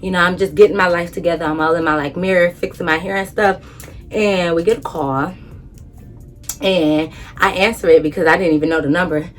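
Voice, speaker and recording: Animated woman telling a storytime. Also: fairly low pitch, a little fast, faint music behind. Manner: animated, emphatic, blunt with heavy swearing. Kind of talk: casual storytime.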